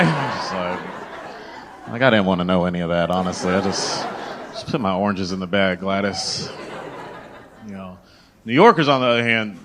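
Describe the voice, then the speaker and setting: A man's voice: low-pitched, quick pace, noisy background. A young man from the American South performing a stand-up comedy set in a club, telling stories and acting out the voices of people he meets. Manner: animated storytelling, acts out voices of people in his stories. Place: comedy club stage with laughing audience.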